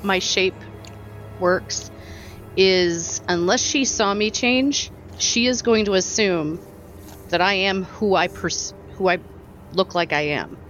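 A woman's voice: medium pitch, slow, a bit bright, lo-fi sound, faint music behind. A woman playing in a tabletop game, casually and playfully explaining her character. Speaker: tabletop player. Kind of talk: casual chat.

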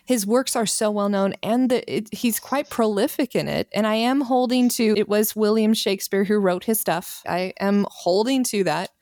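A woman's voice: mid-range voice, normal speed, few pauses, a little mellow, no room sound, studio quality. A woman guest on a podcast, a game master who describes her campaign with enthusiasm in a casual chat. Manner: enthusiastic, storytelling.

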